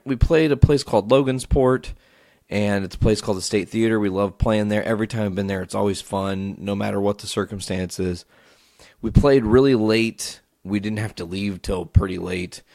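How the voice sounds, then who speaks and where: A man hosting a solo podcast, telling a story as a profane, animated rant. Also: fairly low pitch, normal speed, creaky, no room sound, clean studio sound. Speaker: podcast host.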